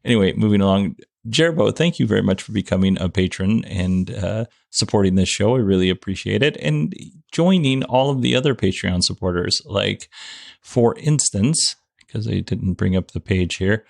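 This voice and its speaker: A man's voice: fairly low pitch, lively intonation, moderate pace, vocal fry, darkish tone, no echo, studio quality. A man hosting a casual solo podcast, from the United States, giggling and fighting off laughter as he talks. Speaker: podcast host.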